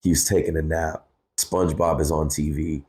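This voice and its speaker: A man's voice: rumbling low, little pitch movement, moderate pace, a little mellow. A man in his thirties, a guest on a podcast, telling a personal story candidly, cursing freely and calling people bro. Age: 30s. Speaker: guest, hip-hop artist.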